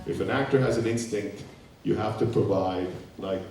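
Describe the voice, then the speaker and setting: A man's voice: on the low side, moderate pace. A man in his fifties, a guest actor telling anecdotes on a festival panel, acting out quoted lines and laughing often. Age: 50s. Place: festival event hall. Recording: echoey hall from far off, faint noise.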